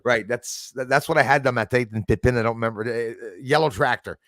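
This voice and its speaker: A man whose first language is French, hosting a casual chat and telling animated stories with mimicked accents. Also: mid-range voice, fast talker, no room sound. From Canada. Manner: animated storyteller, mimics accents, laughs often. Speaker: channel host.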